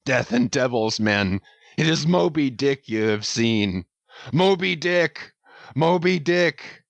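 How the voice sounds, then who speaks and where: Vengeful old whaling captain read by a man, thundering rants, slow and dry. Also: medium pitch, expressive, no room sound. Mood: fierce. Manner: thundering, ranting declamation. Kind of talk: audiobook character reading.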